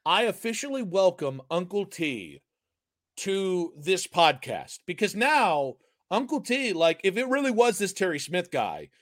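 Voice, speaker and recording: A young man co-hosting a casual sports podcast, joking and animated. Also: high-pitched, measured pace, dry recording, clean studio sound. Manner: joking, animated, puts on silly voices. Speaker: podcast co-host.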